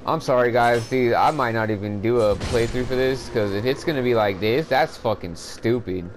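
A frustrated man curses his way through a game walkthrough, ranting at the audience. He talks at a normal pace in a mid-range voice, with slight noise behind him.

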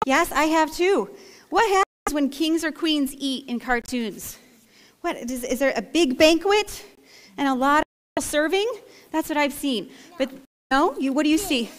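High-voiced woman pastor coaxing children. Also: animated, normal speed. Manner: playful, coaxing, directs children to act out the story. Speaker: pastor leading a children's message. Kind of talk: interactive children's story with props. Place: church sanctuary. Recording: echoey church hall.

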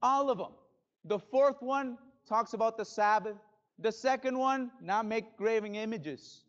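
A male pastor preaching a sermon in a church, dramatic, swinging from loud bursts to hushed drops. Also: sits high, unhurried, dull audio. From Spanish-speaking background. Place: church sanctuary.

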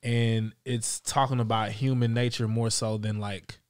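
A man's voice: medium pitch, flat delivery, measured pace, clean tone. Male podcast host, casual rambling chat, jokey and loose-mouthed, mid-range voice. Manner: rambling, swears freely, jokey.

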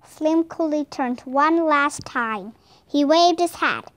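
A woman narrates a children's storybook with a high, light voice. She reads slowly and carefully, and the recording is close and dry with no room sound. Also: a bit bright, no room sound. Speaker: audiobook reader.

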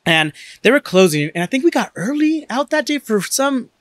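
A man's voice: very high-pitched, moderate pace, no echo, studio quality. A man hosting a podcast, chatting casually and acting out quoted lines as he tells stories. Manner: animated storyteller, acts out quotes. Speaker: podcast host. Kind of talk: casual chat.

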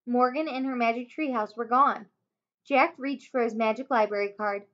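A woman teacher reading a children's chapter book aloud, expressive, with small slips and self-corrections. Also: a little high, normal speed. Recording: dull lo-fi home recording.

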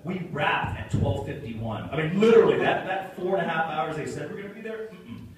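A man's voice: a little high, animated, a little fast, a crowd in the background. A man on a convention panel telling a story, acting out the quotes and laughing often, recorded from far off in a convention hall. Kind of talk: animated anecdote on stage. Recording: roomy hall, distant mic, noisy.

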